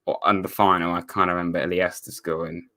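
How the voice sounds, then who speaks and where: A man's voice: deep voice, little pitch movement, fast, pushed and bright. A young man from England hosting a live stream, chatting casually and answering viewer comments with rambling, wry asides. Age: young adult. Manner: rambling, self-correcting, wry sarcastic asides. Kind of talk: casual watchalong chat reading viewer comments.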